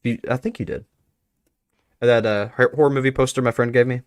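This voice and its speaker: A man's voice: medium pitch, steady tone, a little fast, smooth, dry recording. A man streaming live, chatting with his viewers and reading aloud as he goes. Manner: chatty, reads aloud, talks to chat.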